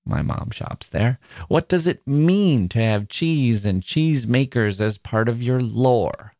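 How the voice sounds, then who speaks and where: A man's voice: mid-range voice, animated, slow pace, darkish tone, no echo, clean studio sound. A man from Wisconsin hosting a podcast, talking through a reflective spoken essay in a thoughtful, wry way, with small self-corrections. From Wisconsin, USA. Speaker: podcast host.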